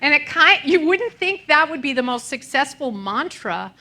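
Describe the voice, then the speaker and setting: A middle-aged woman preaching in a relaxed, conversational way, her fairly high voice swooping widely as she spins self-deprecating stories. Her tone is bright and sharp, and she laughs easily at herself along the way. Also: normal speed, a little hiss or hum. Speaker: minister. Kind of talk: conversational sermon.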